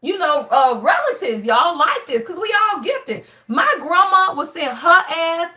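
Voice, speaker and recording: A woman's voice: very high-pitched, sing-song, a little slow, pushed and bright. A woman, giving a casual live spiritual reading, loose and profane, talking straight to her viewers. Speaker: spiritual reader on a livestream.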